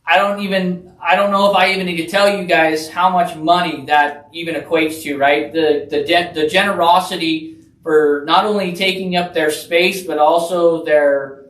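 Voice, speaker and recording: A person on a radio talk show, earnestly promoting a charity event in a casual way. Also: female voice, fairly even intonation. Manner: earnest, rapid promotional pitch. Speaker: event organizer guest. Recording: roomy, distant mic.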